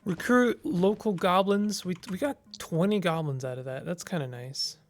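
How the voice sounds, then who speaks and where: Over soft background music, a man with a high-sitting voice talks at normal speed while playing a text-based strategy game. He reads the game's text aloud and works through his moves casually, hesitating slightly now and then.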